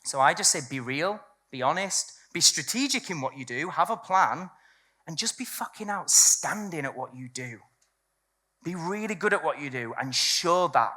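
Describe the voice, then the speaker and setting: Bright, blunt woman speaker. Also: sits low, animated, normal speed. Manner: blunt and candid, swears freely. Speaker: seminar speaker. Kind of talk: live business talk to an audience. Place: event room with a live audience.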